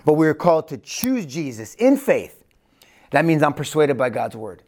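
A man's voice: very animated, normal speed. Fervent man giving faith testimony. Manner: fervent, swings between loud bursts and hushed low tones. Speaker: guest.

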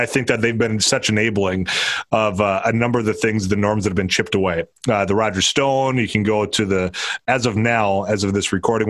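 Low-voiced man hosting a political podcast. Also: fairly bright tone, no echo, studio quality. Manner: rambling, halting restarts. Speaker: podcast host and radio commentator. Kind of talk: casual political podcast chat.

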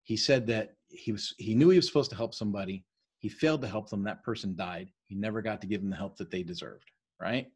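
East Coast-raised male study leader, husky voice, rapid and conversational. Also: fairly low pitch, darkish tone. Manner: fast-talking, keeps checking in with "right?". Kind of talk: casual teaching on a leadership book.

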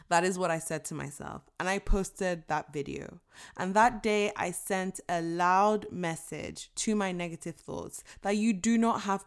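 A woman in her twenties giving an inspirational talk, earnest and emphatic, emotional as she tells her story and acts out inner voices. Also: on the low side. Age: 20s. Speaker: motivational speaker. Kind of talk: inspirational speech.

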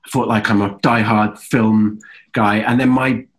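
A man's voice: lowish voice, a little slow. A man in his thirties with an English accent, a guest actor chatting easily in an interview, telling stories with loose fillers. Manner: relaxed, easygoing storytelling with fillers. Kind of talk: casual interview chat.

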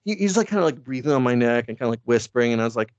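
Gravelly man rambling through a comic retelling. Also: medium pitch, lively intonation, racing, no echo. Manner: rambling, swears, laughs often. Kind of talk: casual comedic retelling. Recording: dull lo-fi dry sound.

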